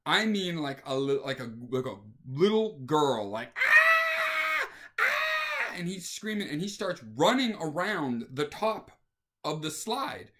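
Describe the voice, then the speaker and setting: Animated man acting out a story. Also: fairly high pitch, unhurried, raised voice, a little hiss or hum. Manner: animated, acts out scenes with voices. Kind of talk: casual anecdote telling.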